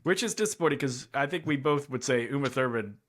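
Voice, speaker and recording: A man co-hosting a casual movie review chat, speaking in a thoughtful, hedging way with frequent pauses and fillers. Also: mid-range voice, lively intonation. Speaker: podcast co-host.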